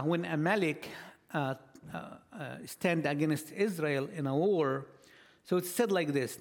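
Guy talking at church about missions, kinda high voice, stumbles and repeats words a lot. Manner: halting, repeats words, reads scripture slowly and emphatically. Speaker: missionary speaker.

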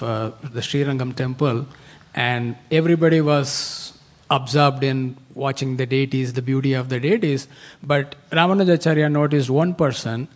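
A man with a somewhat high voice speaks up during a class discussion. He retells a story plainly and earnestly, building it one step at a time. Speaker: class participant.

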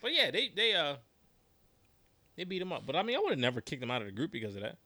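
A man co-hosting a casual podcast, loud, blunt and joking, full of profanity. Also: on the high side, sing-song, fast talker, no room sound. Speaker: podcast co-host. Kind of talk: casual chat.

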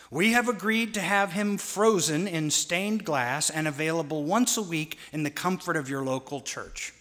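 A man's voice: fairly high pitch, a bit bright. A man preaching a sermon to a congregation, dramatic and mocking, leading call-and-response. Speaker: pastor. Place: church sanctuary. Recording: long reverb of a large church.

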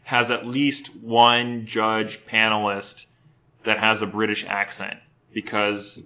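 A man co-hosting a casual comedy podcast, riffing in a profane, rambling way. His voice has a bright, sharp edge, and the recording sounds slightly muffled. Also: on the low side, level tone, takes it slowly. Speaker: podcast co-host.

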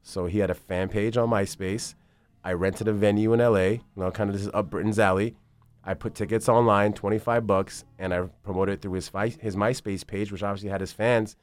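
Smooth low-voiced man telling stories. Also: brisk. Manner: rambling, profane, animated storytelling. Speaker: basketball agent guest. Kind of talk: casual interview chat.

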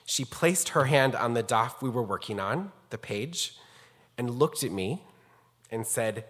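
This rabbi's voice is medium-pitched, animated, unhurried, slightly bright and husky. He introduces a guest scholar with a personal story, speaking formally and earnestly. The synagogue sanctuary adds a long hall reverb.

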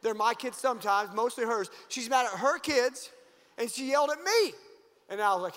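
A man with a high voice delivers an emphatic sermon. He swings between loud rising peaks and quiet low asides. His voice rings out with long hall reverb. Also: animated, fast talker. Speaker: pastor.

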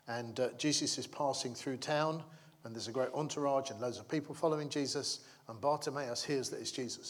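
A man preaching a sermon in a chatty, humorous way, checking in with the congregation and acting out the figures in his stories. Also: mid-range voice. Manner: conversational, keeps asking the congregation "yeah?"; acts out the crowd and characters in the stories.

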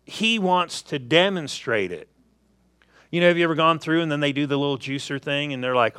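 A man's voice: mid-range voice, fairly quick, clear, resonant tone, no echo. A man preaching a sermon, telling everyday stories and acting out little asides to make his points. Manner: animated storytelling with acted asides.

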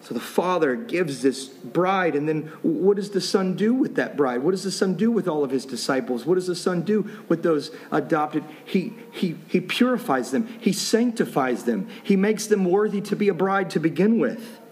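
A man's voice: a little high, lively intonation, moderate pace, few pauses, darkish tone. Conversational middle-aged male pastor preaching. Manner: conversational, self-interrupting, jokey asides. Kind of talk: sermon.

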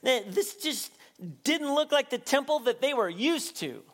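An animated male preacher with a fairly high, light voice, building from quiet reflection to near-shouting. He laughs often as he preaches. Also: a little slow. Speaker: pastor. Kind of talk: sermon.

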